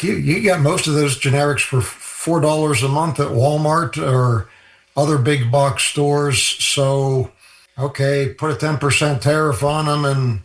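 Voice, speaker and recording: A man's voice: a little high, a bit bright, echoey room. Matter-of-fact man explaining healthcare costs. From Ireland. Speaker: healthcare cost guest. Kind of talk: radio interview guest.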